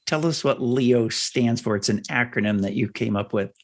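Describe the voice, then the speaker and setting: Gravelly middle-aged male podcast host. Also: mid-range voice. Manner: measured, explanatory. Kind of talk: interview conversation.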